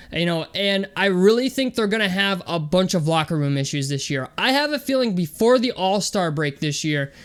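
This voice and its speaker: High-voiced chatty young man vlogging. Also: a bit bright, clear, resonant tone. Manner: chatty, loose and conversational with many fillers. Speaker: sports vlog host. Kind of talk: casual vlog commentary.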